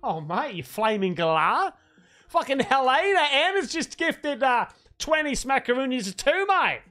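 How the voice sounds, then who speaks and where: A man voicing a brash, cheeky Australian bloke with a put-on Australian accent and a slangy, shouty manner. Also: extremely high pitch, very animated, pitched above the performer's own voice, full character voice. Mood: rowdy. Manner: shouty, slangy, drawn-out "mate".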